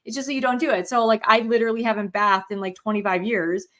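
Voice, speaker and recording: A woman's voice: a little high, steady tone, fast talker, fairly bright tone. A woman co-hosting a casual chat, speaking frankly with lots of fillers and the odd swear. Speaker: co-host.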